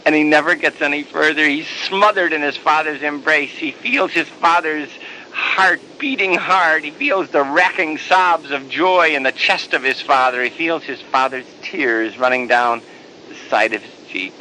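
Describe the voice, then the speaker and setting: A priest telling a story in a sermon, animated and repeating words in bursts. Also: male voice, a little high, measured pace, a little hiss or hum, rough recording.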